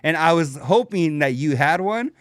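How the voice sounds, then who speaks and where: A laid-back man chatting casually on a podcast, full of slang and easy laughter. His voice sits a little high, and the sound is dry and close with no room around it. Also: animated, normal speed, no echo. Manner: slangy, laid-back, says "dog" often, laughs a lot. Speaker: podcast co-host.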